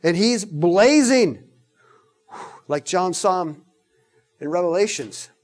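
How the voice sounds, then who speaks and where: High-voiced man preaching emphatically. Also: slow. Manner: animated and emphatic, with joking asides. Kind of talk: sermon.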